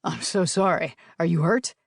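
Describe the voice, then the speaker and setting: A woman's voice: on the low side, normal speed, slightly rough, dry recording, studio quality. A woman narrator voicing a fit, well-off young man who speaks curtly through his temper. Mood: apologetic. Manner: curt, clipped.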